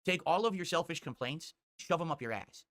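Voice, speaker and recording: A man rants on his livestream at a rapid clip. His voice is bright and a little pitched up for a man. He sounds irritable, profane and defensive. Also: animated. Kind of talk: livestream rant.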